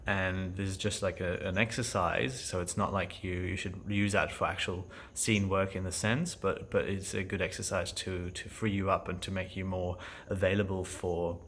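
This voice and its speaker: Low-voiced man musing in a halting vlog. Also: level tone, fairly bright tone, a little hiss or hum. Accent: German. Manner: thoughtful, halting, many fillers and restarts. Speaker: actor vlogging about acting class. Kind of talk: casual reflective vlog.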